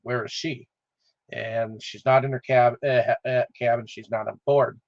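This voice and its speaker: A man hosting a casual film discussion, retelling the plot in a halting way with constant "uh" fillers. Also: mid-range voice, little pitch movement, vocal fry, darkish tone, dry recording, lo-fi sound. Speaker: podcast host.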